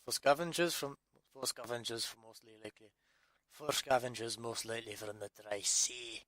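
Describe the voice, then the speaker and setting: An English man reads his own story aloud for an audiobook, but these are outtakes full of exasperated muttering as he restarts again and again. His voice is medium-pitched and fairly bright, with a steady tone at normal speed.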